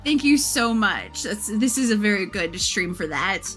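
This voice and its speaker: Bright-voiced woman streamer, amused. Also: medium pitch, expressive, normal speed, faint music behind. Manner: amused, laughing asides and thanking viewers. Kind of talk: comedic live reading of fan fiction.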